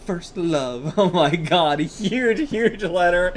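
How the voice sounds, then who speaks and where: A man's voice: a little high, slow, hardly any pauses. A man hosting a manga reaction video, talking in a chatty, casual way, laughing often and filling his talk with "like" and "you know".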